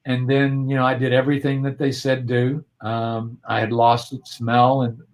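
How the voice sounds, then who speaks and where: A man's voice: mid-range voice, completely flat delivery, moderate pace. Earnest man telling a personal story. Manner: earnest and reflective, with frequent restarts. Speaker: guest. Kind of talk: personal storytelling in a video-call interview. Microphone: video call.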